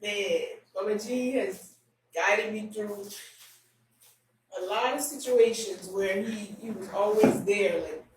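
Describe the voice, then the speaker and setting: A woman guest speaking candidly and emotionally in an interview, halting and restarting often. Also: mid-range voice. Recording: roomy echo, distant mic, faint room noise.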